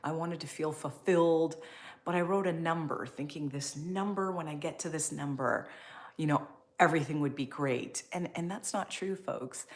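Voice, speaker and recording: Low-voiced woman hosting a chatty livestream. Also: normal speed. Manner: upbeat, encouraging, chatty. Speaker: livestream host. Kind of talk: casual live chat reading comments.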